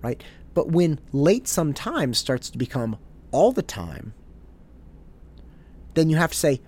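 Man telling a story with a lively voice. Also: a little high, measured pace, long pauses. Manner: candid, self-deprecating, conversational. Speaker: podcast host. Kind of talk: reflective personal storytelling monologue.

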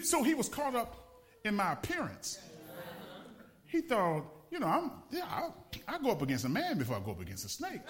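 Lively, bright-voiced preacher man. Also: high-pitched. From Los Angeles area. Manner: animated, laughing storyteller, repeats phrases for emphasis. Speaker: pastor. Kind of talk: sermon with storytelling.

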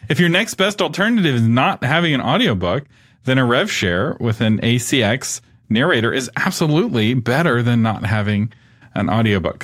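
A man's voice: mid-range voice, a bit bright. A man hosting a casual interview, talking in a conversational way and leading with questions. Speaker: podcast host.

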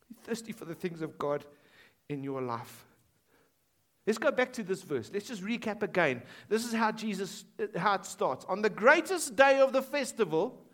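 In a school hall, a high-voiced male pastor preaches, his delivery swinging from forceful declarations to softly spoken quotations.

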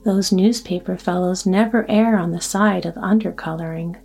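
Courteous, quietly reassuring mysterious man in a storybook, voiced by a woman; warm, even, faint music bed. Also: on the low side, vocal fry, breathy edge. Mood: calm. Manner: polite, measured, reassuring. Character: calm, courteous mysterious male stranger. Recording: soft music underneath.

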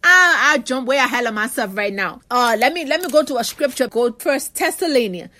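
A woman's voice: high voice, expressive, brisk, sharp tone. A woman preaching a fervent sermon, repeating key phrases and calling out to her listeners for response.

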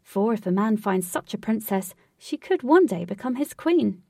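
A woman voicing a forthright, confident young woman who talks in a brisk, bossy, upbeat way. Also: medium pitch, lively intonation, vocal fry, mellow, no room sound, studio quality, far from the mic.

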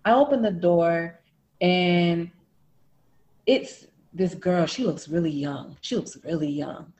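A woman spins a long personal story in casual chat, jumping up into loud, lively quotes of everyone involved. She swears freely and keeps the tale moving. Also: on the low side, takes it slowly. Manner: animated, quotes people in raised voices, swears freely. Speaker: storyteller guest.

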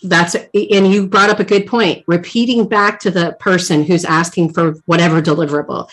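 A woman hosting a casual interview, telling animated examples, often tagging "right?" and laughing lightly. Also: on the low side, normal speed, low-quality recording.

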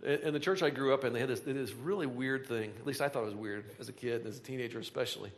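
A man's voice: medium pitch, very fast, long reverb tail. A man preaching to a congregation, talking conversationally and building to emphatic bursts with repeated phrases. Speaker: pastor. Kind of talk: sermon. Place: large hall with a live congregation.

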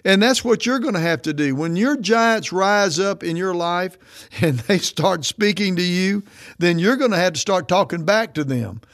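High-voiced emphatic male preacher. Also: lively intonation, a bit bright. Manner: emphatic, declaring, drawn-out for stress. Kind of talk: sermon.

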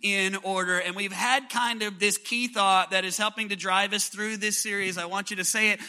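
A pastor delivers a sermon, pulling his listeners into call-and-response. His voice sits high for a man and sounds very bright and forward. He slips into voices to act out little everyday scenes. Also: steady tone, normal speed.

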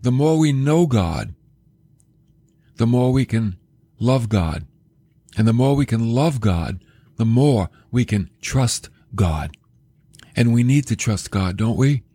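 A man teaching a sermon-style Bible lesson for a podcast, animated, often asking the listener questions and acting out quoted voices. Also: mid-range voice, slow, long pauses, breathy edge, no room sound, studio quality. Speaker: podcast preacher.

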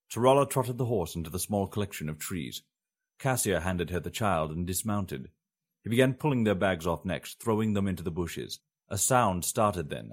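A man reading a fantasy story aloud in measured audiobook narration. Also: sits low.

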